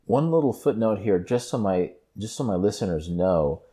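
A male host speaks to his listeners in a conversational way. His voice sits low with a dark, mellow tone, and he drops in asides and restarts his phrasing as he sets up questions. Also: lively intonation, normal speed. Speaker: radio host. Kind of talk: interview conversation.

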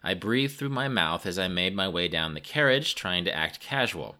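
A man's voice: deep voice, lively intonation, moderate pace, pushed and bright. A man from the United States narrating a travel memoir in a wry, self-mocking way.

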